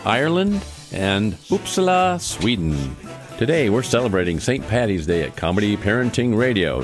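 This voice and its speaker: A man hosting a comedy radio show, playful and hamming it up. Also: fairly low pitch. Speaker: podcast host.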